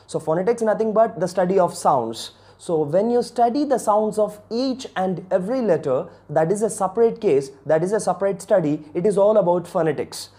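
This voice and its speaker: A man's voice: sits high, dark tone. A man hosting a video lesson on English, speaking formally and earnestly and repeating key words for emphasis. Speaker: channel host and English teacher.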